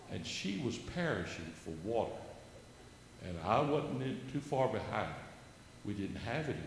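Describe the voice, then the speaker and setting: Older man, church testimony, earnest then fervent; heavy church-hall echo, long reverb. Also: mid-range voice. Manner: earnest storyteller, rising into fervent preaching. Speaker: church member giving testimony. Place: church sanctuary. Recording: echoey church hall with faint background noise.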